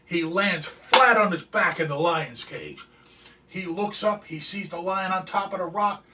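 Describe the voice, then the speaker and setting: Folksy guy host telling silly jokes, kinda high voice, sits a bit far from the mic. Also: unhurried, pushed and bright, a little hiss or hum. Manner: folksy, chatty storytelling. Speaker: show host. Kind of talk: telling jokes and showing collectibles. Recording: distant from the mic.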